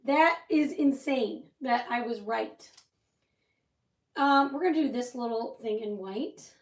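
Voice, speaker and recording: A woman's voice: fairly high pitch, takes it slowly, distant mic. A woman hosting a casual crafting livestream, telling a rambling story with lots of asides while she paints. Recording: roomy echo, voice set back from the mic.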